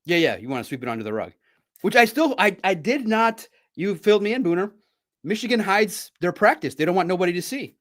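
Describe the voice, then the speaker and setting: A man hosting a sports podcast in casual chat, bantering playfully and trading friendly trash talk, jumping between loud bursts and low asides. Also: big pitch swings, a little fast.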